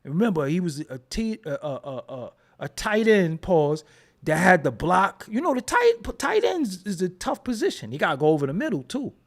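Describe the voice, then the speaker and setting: A man's voice: sits high, very animated, normal speed. A man hosting a casual commentary show, joking and riffing in slangy with frequent laughs. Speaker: host.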